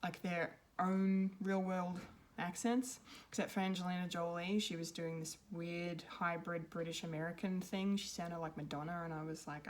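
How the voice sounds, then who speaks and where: A woman's voice: on the low side, steady tone, normal speed, few pauses. A woman giving an unscripted film review, rambling and hesitant, with many ums and restarts. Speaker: pop culture reviewer.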